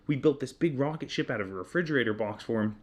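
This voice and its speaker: A man in his thirties telling a personal story in casual chat, candid and self-deprecating, getting animated when he retells his own yelling. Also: mid-range voice, quick pace. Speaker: podcast co-host.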